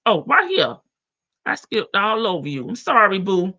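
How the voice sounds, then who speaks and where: A woman's voice: medium pitch, huge pitch swings, moderate pace, pushed and bright, dry recording. A woman hosting a casual livestream, greeting chat members by name in a slangy, playful way. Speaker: livestream host.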